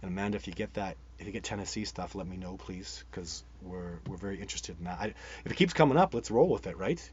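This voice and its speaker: A very low-voiced Canadian man hosts a live show, chatting loosely as he answers viewer comments. He rambles, restarts often and gets excited. The sound is dull, with a faint hiss under it. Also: fast talker. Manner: rambling and enthusiastic, many restarts. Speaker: host of a live Bigfoot show.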